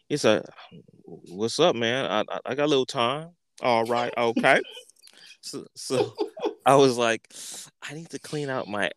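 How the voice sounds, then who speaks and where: A man tells a rambling story on his podcast, swearing freely and slipping into the voices of the people in it. His voice is smooth and clear, and the recording is dry and close. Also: lowish voice, no room sound. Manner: animated, profane, acts out quotes. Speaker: podcast host. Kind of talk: casual storytelling.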